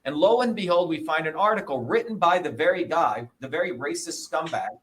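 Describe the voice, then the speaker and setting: A man in his sixties, a guest in an interview, talking in a combative, profane and emphatic way, often pausing to ask "okay?" or "you see?". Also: on the high side, lively intonation, a little hiss or hum. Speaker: interview guest, presidential candidate.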